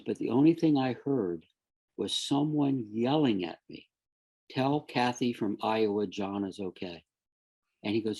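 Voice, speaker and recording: Gravelly middle-aged man telling a story. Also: mid-range voice. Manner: animated storyteller, acts out quoted voices. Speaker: guest sharing a near-death story. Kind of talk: conversational storytelling.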